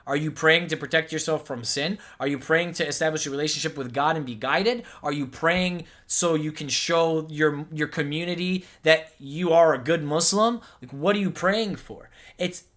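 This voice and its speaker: A man reacts to a video, arguing back in an exasperated and sarcastic way. His voice sits slightly high for a man. He pushes his points hard and keeps circling back to them. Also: normal speed, few pauses, a bit bright. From United States. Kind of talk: heated reaction commentary.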